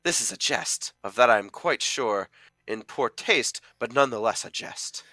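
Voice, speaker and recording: A man reading a jilted young lover's lines in hammy Shakespearean verse, melodramatic and rising to anguished shouts. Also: medium pitch, expressive, unhurried, no echo. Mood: earnest.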